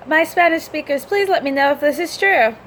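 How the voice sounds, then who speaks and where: A woman's voice: high voice, a little fast, a bit bright, a little hiss or hum. Chatty woman repeating Spanish phrases. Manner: chatty, self-correcting, repeats phrases aloud. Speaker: vlogger learning Spanish. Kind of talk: casual vlog, repeating after a recorded lesson.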